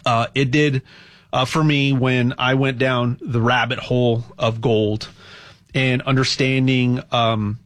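A man hosting a show, talking in a rambling, impassioned monologue with a sales pitch and lots of stammered restarts. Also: flat delivery, slow pace, a bit bright. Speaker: radio show host.

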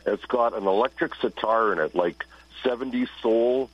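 Man, breathy husky voice, middle pitch, animated storyteller in an interview. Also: moderate pace, no echo, muffled recording. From Toronto, Canada. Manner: animated storyteller who acts out quotes. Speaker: blues musician and radio broadcaster. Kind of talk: casual interview chat.

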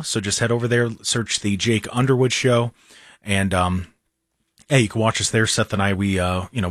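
A man's voice: medium pitch, dry recording, clean studio sound. A man hosting a radio talk show, reading station plugs and teasing his co-workers. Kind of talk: casual radio banter.

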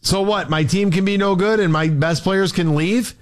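Worked-up, high-voiced sports radio man. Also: moderate pace. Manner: worked-up, ranting, rhetorical questions. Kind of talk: sports talk rant.

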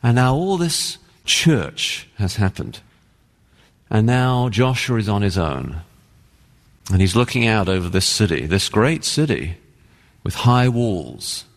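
A man with an English accent preaches with an earnest, emphatic delivery. His voice sits fairly low and swings widely up and down, and it trails a long reverb from the church hall. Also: sing-song, takes it slowly. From England. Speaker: pastor. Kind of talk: sermon. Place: church sanctuary.

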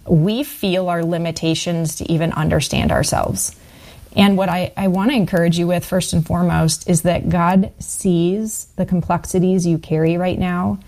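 Mellow low-voiced woman co-host. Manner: gentle, thoughtful, soft at times. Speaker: radio show co-host. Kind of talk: encouraging Christian talk.

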